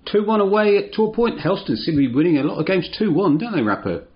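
A man's voice: high voice, big pitch swings, fast talker. A man co-hosting a casual football podcast, dry and teasing, steering the talk from one topic to the next. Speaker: podcast co-host. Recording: lo-fi muffled audio.

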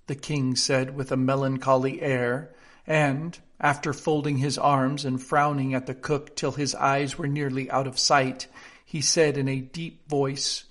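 A man narrating a classic children's book aloud in a steady, expressive storytelling manner. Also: medium pitch, a little slow. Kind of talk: audiobook narration.

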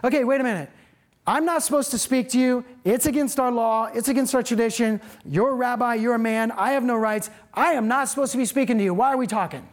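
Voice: mid-range voice, quick pace, pitched above the performer's own voice, close to an everyday voice. A preacher voicing a fed-up, defiant Samaritan woman, blunt and exasperated, firing off questions.

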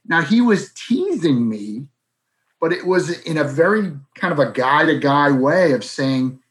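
Middle-aged guy telling stories, a bit higher voice, jumps up high when he acts out what his buddies said. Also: unhurried. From South Boston, USA. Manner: animated, acts out quoted friends in raised voices. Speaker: guest. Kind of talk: conversational storytelling.

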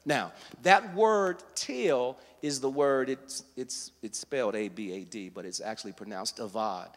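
A man preaching a sermon as pastor, teaching from scripture and building to fervent, loud delivery. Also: mid-range voice, animated, unhurried, big-room sound.

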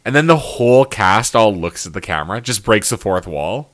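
A man's voice: fairly low pitch, lively intonation, normal speed, fairly bright tone. A man co-hosting a casual podcast, reviewing a TV show with sarcasm, frequent swearing and laughter. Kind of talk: casual chat.

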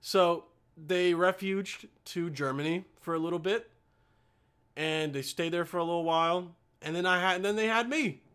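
A man's voice: high-pitched, moderate pace, a bit bright, clear, resonant tone. A man with an American accent, hosting a podcast in a rambling, profane casual monologue, often chuckling as he talks. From United States. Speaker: podcast host.

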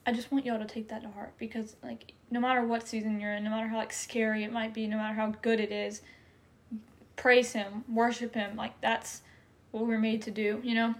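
A woman's voice: on the high side, little pitch movement, brisk. A young woman giving an earnest, emotional faith testimony in casual chat, with many fillers. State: tearful at times. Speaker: faith podcast co-host.

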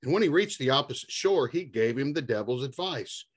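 A man reading a fairy tale aloud in a lively storytelling manner. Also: mid-range voice, brisk, slightly rough. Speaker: reader.

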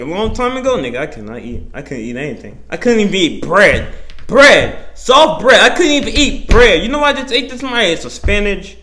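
A young man hosting his own podcast, talking in a rambling, profane, animated way, full of slang and self-interruptions. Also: high-pitched. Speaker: podcast host. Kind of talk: casual solo podcast monologue.

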